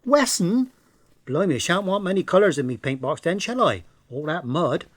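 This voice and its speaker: A man voicing a brash, mocking woman with a West Country accent, loud, cheeky and sarcastic. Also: high-pitched, lively intonation, moderate pace, dry recording. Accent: West Country English.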